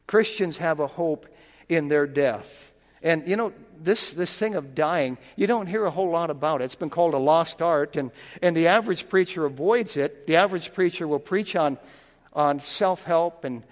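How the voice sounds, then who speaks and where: Folksy preacher man in a reverberant hall. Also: fairly high pitch. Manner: folksy, repeats words, slow scripture reading. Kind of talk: sermon.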